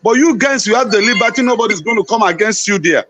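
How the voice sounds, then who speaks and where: A man's voice: high voice, lively intonation, fast, background noise. A man on a discussion panel making an urgent, impassioned political appeal straight to his listeners. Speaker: panel guest.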